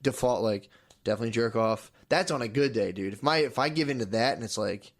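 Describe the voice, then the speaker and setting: A man of middle pitch co-hosting a loose comedy podcast. He rambles through long stories, laughs often and slips into acted-out voices when he quotes people. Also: fast. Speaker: podcast co-host. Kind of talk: casual comedy podcast chat. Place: podcast studio.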